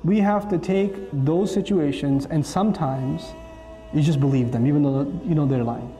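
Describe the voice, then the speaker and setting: Animated high-voiced man giving a parenting talk. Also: moderate pace. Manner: animated, acts out quoted dialogue. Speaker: parenting speaker. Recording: long reverb, faint music.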